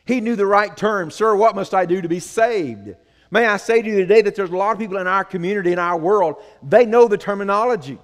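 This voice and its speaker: A man's voice: sits high, long reverb tail. A man preaching a sermon as pastor, earnest and conversational, asking the congregation questions.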